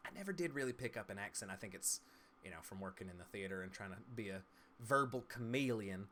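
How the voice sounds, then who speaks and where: A man from East Tennessee, a streamer and game master, in a casual live-stream chat, talking with crisp, trained stage diction in a chatty, playful way. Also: on the low side, expressive, a little fast, a bit bright. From Southern United States, East Tennessee. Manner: chatty and playful, laughs easily.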